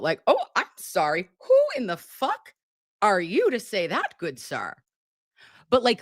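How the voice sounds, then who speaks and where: A woman's voice: fairly low pitch, a bit bright, dry recording, clean studio sound. A woman hosting a casual livestream from home, chatting with viewers in a playful, profane way. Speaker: livestream host.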